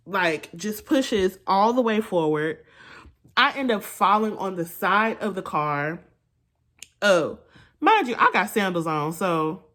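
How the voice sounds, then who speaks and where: A young beauty vlogger with a medium-pitched voice chats through a storytime while doing her makeup at home, tossing animated asides to her viewers. It's recorded on her phone camera.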